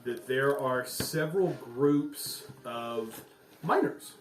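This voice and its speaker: A man's voice: mid-range voice, takes it slowly, a little hiss or hum. Male game master, rambling narration, echoey far-off recording. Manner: loose, filler-heavy narration. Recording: echoey room, mic far off.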